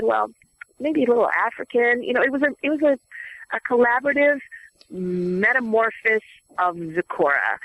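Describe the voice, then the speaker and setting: A woman voice actress, a guest on an interview show, telling stories in a chatty, animated way and laughing easily. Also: on the low side, poor audio. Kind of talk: casual interview storytelling.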